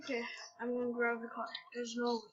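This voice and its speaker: A woman's voice: a little high, monotone, brisk, lo-fi sound. A woman giving casual gameplay commentary, often frustrated, exclaiming and complaining as she plays. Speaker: gamer.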